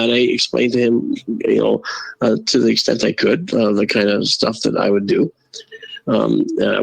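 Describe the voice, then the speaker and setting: A man guest telling a casual, animated story and acting out the quoted voices. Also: on the high side, gravelly, breathy edge, no echo, low-quality recording. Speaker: guest, astronomer and photo-video analyst.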